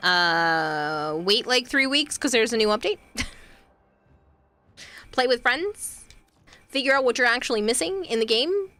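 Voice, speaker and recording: A woman's voice: fairly high pitch, animated, a little slow, pauses often, sharp tone, no echo. A woman streaming a game, chatting casually and reading viewer messages aloud with fillers and asides. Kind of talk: casual livestream chat.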